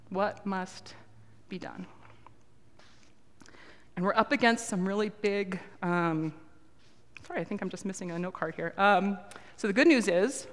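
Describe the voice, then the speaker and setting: A woman giving an earnest, conversational talk to a church congregation, pausing with frequent ums. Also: lowish voice, gravelly. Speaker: lay speaker at a church service. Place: church sanctuary. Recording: long reverb of a large hall.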